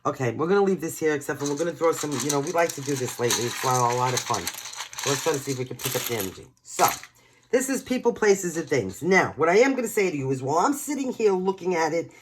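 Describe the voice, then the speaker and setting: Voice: medium pitch, very animated, fast talker, background noise. Tarot reader from New York, chatty and emotional, talks straight to viewers in a casual reading.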